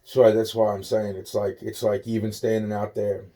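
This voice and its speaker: Low-voiced young guy ranting, swears nonstop, keeps trailing off and muttering, dark mellow tone. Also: little pitch movement, moderate pace. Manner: profane, repetitive, trailing off into muttered asides. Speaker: monologue speaker. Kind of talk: rambling agitated rant.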